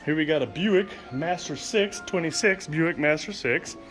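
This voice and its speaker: A man vlogging his tour of a car museum's indoor hall reads the exhibit signs aloud with enthusiasm, narrating casually and now and then fumbling names. His voice is on the high side and fairly bright, at a moderate pace, over soft background music.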